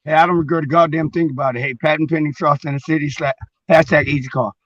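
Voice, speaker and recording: A man's voice: a little high, fairly even intonation, quick pace, dry recording, dull audio. A man co-hosting a comedic talk show, drunk, laughing often and swearing loosely. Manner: loud, laughing, profane. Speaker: podcast co-host. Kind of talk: boozy comedic chat.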